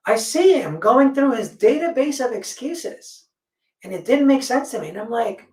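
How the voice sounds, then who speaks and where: A woman's voice: a little high, moderate pace. A woman in a casual discussion, telling stories bluntly and swearing freely. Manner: blunt, profane, animated storytelling. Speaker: panel guest. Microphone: video call. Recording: echoey room, distant mic.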